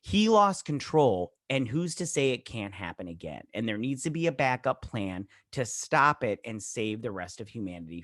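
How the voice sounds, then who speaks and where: A man hosts a show and rambles through a TV episode recap at a middle pitch. He retells scenes in loose, filler-heavy speech and briefly acts out the characters' lines. The sound is dry, with no room echo. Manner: rambling, filler-heavy retelling full of "he's all like" quotes. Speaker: show host. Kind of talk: casual TV episode recap and review.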